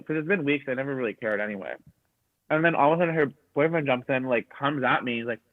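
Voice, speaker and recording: A man's voice: mid-range voice, fast. A man, a comedian guest, telling a rambling, profane story in casual chat and quoting people as he goes. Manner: rambling, profane, quotes others in dialogue. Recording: dry tinny phone-like sound.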